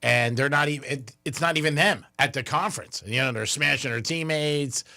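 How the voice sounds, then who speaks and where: A man's voice: fairly high pitch, fairly quick, vocal fry, bright, forceful tone, no echo. A man hosting a radio show in a studio, chatting casually with his co-hosts and running a call-in contest. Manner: easygoing, runs contests and reads out phone numbers. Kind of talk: casual talk radio banter. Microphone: studio microphone.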